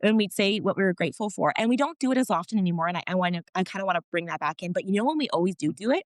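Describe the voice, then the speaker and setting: A woman's voice: mid-range voice, animated, very fast, no echo, studio quality. Candid woman telling family stories. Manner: emotional storytelling, frank with mild swearing. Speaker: podcast guest, wellness practitioner. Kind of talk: casual interview chat.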